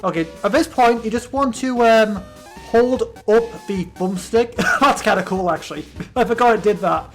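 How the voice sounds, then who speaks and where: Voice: medium pitch, normal speed, faint music behind. A British let's play host giving casual, sarcastic, rambling commentary while playing a game. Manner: rambling, sarcastic, many restarts.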